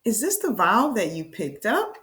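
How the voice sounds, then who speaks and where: A woman teacher giving a reading lesson to young children, with slow, enthusiastic, sing-song prompts. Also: mid-range voice, very animated, fairly bright tone.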